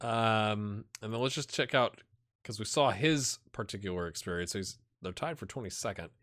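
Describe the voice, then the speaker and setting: A man hosting a gaming channel, thinking aloud in casual commentary and talking straight to his virtual players. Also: moderate pace. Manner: animated, jumps high when excited.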